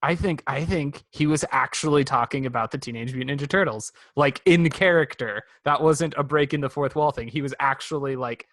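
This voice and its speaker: A male podcast co-host talking casually, with a wry, sarcastic streak. His voice sits at an ordinary middle pitch. The sound is dry and close, with no room in it. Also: a little fast, hardly any pauses, fairly bright tone, no echo. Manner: chatty, wry, sarcastic asides. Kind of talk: casual chat reviewing a cartoon.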